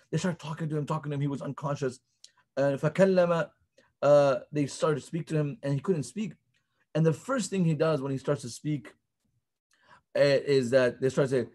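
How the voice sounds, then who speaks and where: Fast-talking man teaching a story. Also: on the high side, a little mellow. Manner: fast retelling, reading Arabic quotes aloud then paraphrasing. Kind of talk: storytelling lesson. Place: Islamic center.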